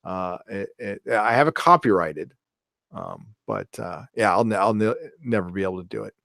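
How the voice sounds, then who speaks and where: A man's voice: on the low side, very animated, moderate pace, gravelly, a bit bright, dry recording, clean studio sound. A middle-aged man hosting a live stream, chatting casually in a rambling, joking way and reading viewer donations aloud.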